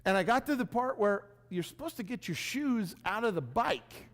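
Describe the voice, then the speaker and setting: Animated, high-voiced male keynote storyteller. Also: normal speed, big-room sound. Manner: animated, self-mocking, acts out his own reactions. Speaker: keynote speaker. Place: large event room before an audience.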